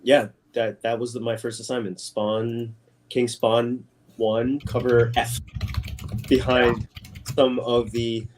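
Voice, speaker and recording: A man chats in a casual interview as a guest artist. He tells his story with animation, jumping up in pitch when he quotes other people. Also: flat delivery, slow, a little hiss or hum.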